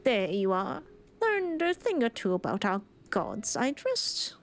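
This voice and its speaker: A woman's voice: on the high side, wildly swooping pitch, a little slow, faint music behind, full character voice. A woman voicing an island lorekeeper telling an old myth in archaic phrasing. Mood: storytelling. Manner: archaic storytelling, read aloud.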